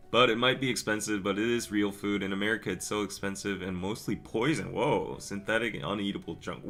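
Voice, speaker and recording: A young man hosting a live stream, chatting casually and rambling through stories and viewer comments with quick asides and laughs. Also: lowish voice, fairly bright tone, soft background music. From Korea. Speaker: podcast host reading live chat.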